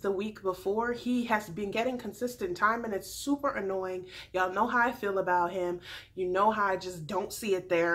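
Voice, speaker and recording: A woman giving a casual, animated TV recap as a vlogger, slangy and quick to laugh. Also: on the high side.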